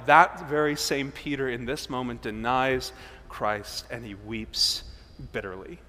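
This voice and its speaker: A man preaching a sermon as pastor, swinging between loud emphasis and hushed, low passages. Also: steady tone, a little slow, in a large hall.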